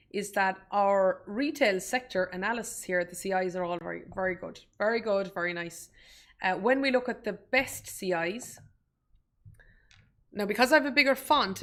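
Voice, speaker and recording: A woman's voice: mid-range voice, a bit bright. A woman hosting a live investing webinar, talking casually, restarting phrases and greeting viewers by name. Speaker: webinar host and investment educator. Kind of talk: live-streamed stock market tutorial.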